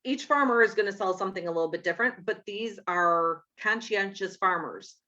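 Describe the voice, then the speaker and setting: A woman's voice: mid-range voice, a little fast, sharp tone. A woman who works as a nurse, talking casually about diet and telling a story with acted-out dialogue. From Chicago area. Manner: chatty storytelling, acts out quoted dialogue. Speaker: nurse and natural health speaker. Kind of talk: casual talk. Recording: dull lo-fi sound.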